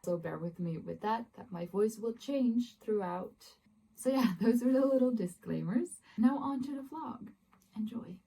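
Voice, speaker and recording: On her phone camera in her bedroom, a young woman vlogs casually about books, giggling often and using lots of fillers. Her voice is on the high side, animated yet unhurried, mellow with vocal fry, and there's a little hiss or hum in the audio.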